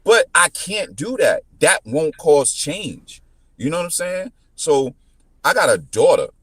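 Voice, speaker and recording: A man in his thirties telling a story in casual chat, full of restarts, whose pitch jumps up when he quotes people. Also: measured pace, breathy edge, no room sound. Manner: animated, repetitive restarts, jumps into high pitch when quoting. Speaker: podcast guest.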